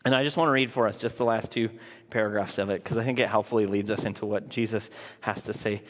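A man's voice: on the low side, fairly even intonation, fast talker, noisy background. A man delivering a sermon in a conversational, earnest way, often restarting his words. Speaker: pastor. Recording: long reverb of a large hall.

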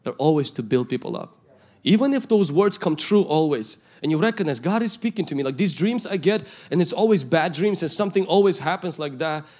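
A male pastor, preaching a sermon and telling a story from his youth, swinging between loud calls and hushed asides. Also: on the high side, expressive, fairly quick. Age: 20s at the time of the story, now older.

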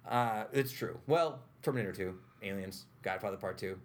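A man's voice: on the low side, normal speed, a little hiss or hum. A young man hosting a casual podcast chat, quizzing his guests and laughing often. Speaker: podcast host.

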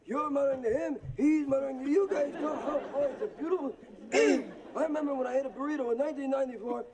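A man's voice: very high voice, steady tone, quick pace, a crowd in the background. Vain, grumbling old man. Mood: indignant. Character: vain old man, proud of his hair. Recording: sitcom audio with loud studio audience laughter.

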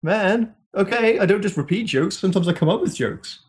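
A man co-hosting a podcast in casual chat, making quick jokes and reacting with laughs. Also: high-pitched. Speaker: podcast co-host.

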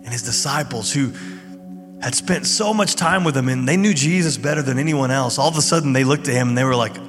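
A pastor with a mid-range voice speaks fairly quickly, preaching a sermon in a casual, conversational way full of fillers before leading a prayer. The recording has hall reverb, with soft music playing behind him.

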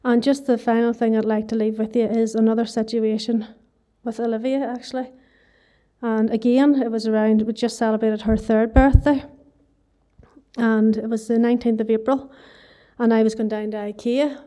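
A woman with a Northern Irish accent shares a personal testimony before her congregation. Her voice is fairly high and mellow, and she holds an even, level tone as she talks earnestly with plenty of "you know" fillers. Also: moderate pace. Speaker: church member giving testimony.

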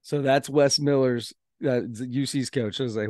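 Midwest guy chatting on a podcast, animated storyteller, teasing, dry close mic. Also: medium pitch, normal speed, few pauses, no echo. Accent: American Midwest. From American Midwest. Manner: animated storyteller, playful ribbing. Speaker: podcast co-host. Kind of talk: casual chat.

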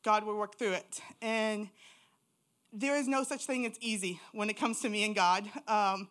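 A woman's voice: mid-range voice, fairly even intonation, normal speed, a bit bright. Woman, church testimony, raw and candid storyteller. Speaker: church member giving testimony.

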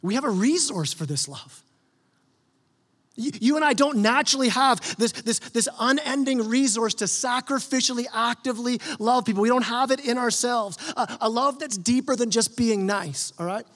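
Male pastor, higher voice, earnest conversational sermon, echoing church hall. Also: normal speed, few pauses, a bit bright. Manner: earnest, conversational preaching with repeated restarts. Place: church sanctuary.

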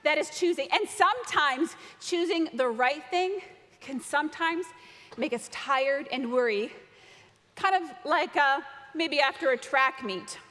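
Bright high-voiced woman leading a kids' talk. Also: a little slow. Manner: animated, shouting out a count. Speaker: children's message leader. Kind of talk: children's talk in church. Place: church sanctuary. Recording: reverberant church hall.

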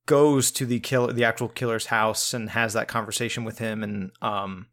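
A man's voice: lowish voice, fairly even intonation, moderate pace, a bit bright. Rambling man reviewing a film. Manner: rambling, many restarts and fillers. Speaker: podcast co-host. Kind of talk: casual film review chat.

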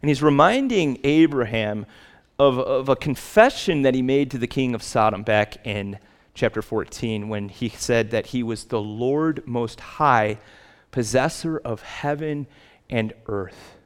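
A male pastor preaching a sermon, slowing down and rising for emphatic lists. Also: animated, smooth. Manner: rises in pitch and slows for emphatic lists.

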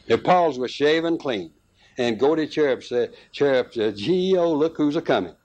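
Slow, unhurried male storyteller. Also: medium pitch. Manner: slow, unhurried reading with small restarts and fillers. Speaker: narrator. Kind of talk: storytelling reading of a rural tale.

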